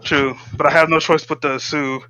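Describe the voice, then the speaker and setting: A man playing a tabletop role-playing game in casual chat, excitable and swearing freely, slipping into his character's lines. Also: fairly high pitch, a little fast, dull audio. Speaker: player.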